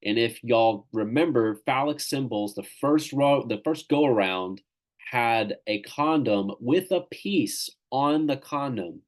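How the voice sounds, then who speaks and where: A man's voice: mid-range voice, animated, slow pace. A man from Tennessee, casually hosting a literary reading on a video call, rambling and enthusiastic. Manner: loose, rambling and enthusiastic, with crude jokes. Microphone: video call microphone.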